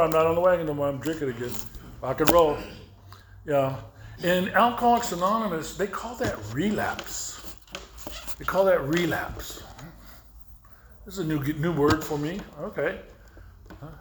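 A man giving personal testimony at a recovery meeting, telling his story with halting restarts, asides to the listeners, and acted-out dialogue. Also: mid-range voice, echoey room, slight background noise. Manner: storytelling, acting out dialogue with others.

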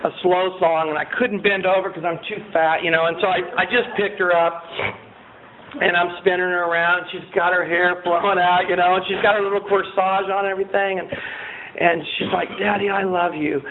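A man's voice: sits high, flat delivery, a little fast. A middle-aged man giving a rambling personal testimony to a group, full of fillers and acted-out quotes. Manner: rambling, many fillers, acts out quotes in a raised voice. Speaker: speaker sharing his recovery story. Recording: tinny phone-like sound with faint noise.

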